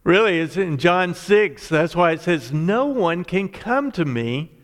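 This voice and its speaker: A man preaching a sermon, explaining scripture in a measured, emphatic way. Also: sits high, animated, big-room sound. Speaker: pastor.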